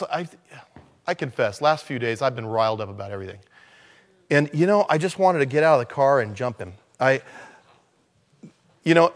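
A man preaching a conversational sermon, dropping to low murmurs and then rising to loud, emphatic lines. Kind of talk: sermon on evangelism.

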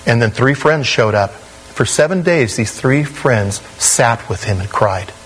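A man preaching a sermon in a conversational, animated way, with sudden rises in pitch. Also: a little slow, slight background noise, low-quality recording. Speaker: pastor.

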